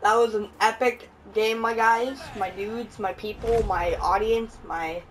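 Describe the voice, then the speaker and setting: A woman's voice: on the high side, fairly even intonation, a little slow, distant mic, poor audio. A young woman giving casual gameplay commentary, laughing often and swearing at her own plays. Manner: giggly, laughs often, swears while playing. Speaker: gaming channel host.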